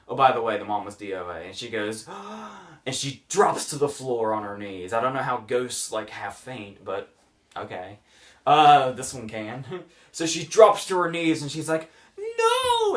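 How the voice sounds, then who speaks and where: A man's voice: mid-range voice, far from the mic. A man hosting a casual movie review podcast, sarcastic and mocking scenes as he retells them.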